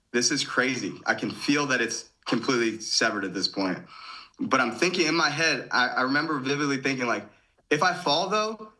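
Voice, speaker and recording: A man's voice: mid-range voice, bright, forceful tone, low-quality recording. A man in his thirties from Michigan, a podcast guest casually retelling events and often quoting his own thoughts. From Michigan, USA. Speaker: podcast guest, former gymnast. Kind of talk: casual storytelling.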